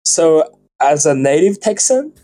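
A man's voice: a little high, sing-song, measured pace, dark tone. A young man with a Japanese accent and Japanese as his first language, a guest on a casual podcast, giving blunt, joking verdicts in short bursts. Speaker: guest musician.

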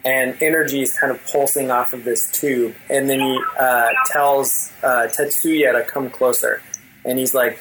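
A man's voice: mid-range voice, steady tone, a little slow, a bit bright, a little hiss or hum, rough recording. A man narrating a tabletop role-playing game as game master, in a loose storytelling way with many fillers.

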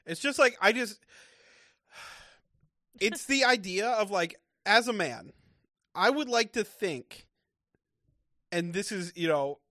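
A man's voice: high-pitched, expressive, takes it slowly, long pauses, pushed and bright, no echo, clean studio sound. A man co-hosting a casual recap podcast, rambling with lots of restarts and fillers. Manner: rambling, many restarts and likes. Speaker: podcast co-host.

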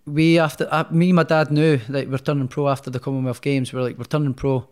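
A man's voice: fairly high pitch, fairly even intonation, fast, clean tone. A Scottish man being interviewed as a guest, telling his story in a rambling, casual way full of restarts. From Scotland. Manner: rambling, many restarts and fillers, self-deprecating. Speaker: guest, professional boxer.

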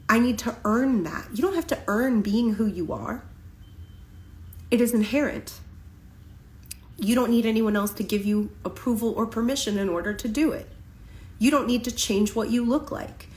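A woman giving an impassioned spiritual tarot reading, speaking emphatically with slow, deliberate pauses. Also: on the high side, a little mellow, echoey room, poor audio. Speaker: tarot reader. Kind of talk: spiritual reading for a general audience.

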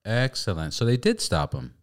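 A man hosting a podcast, chatting casually, swearing freely and telling animated stories. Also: medium pitch, moderate pace. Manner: profane, storytelling, animated. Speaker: podcast host. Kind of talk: casual chat.

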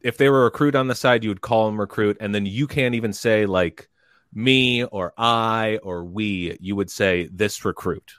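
A man telling a long story in casual chat, rambling and animated, and bursting into loud quoted lines. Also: fairly low pitch, moderate pace, no echo, studio quality. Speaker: podcast guest telling a story.

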